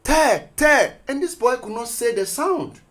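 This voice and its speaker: This radio guest is a teacher whose voice is very high-pitched, spoken at normal speed. During the studio discussion, he shares school stories with lively energy, performing the quotes in character.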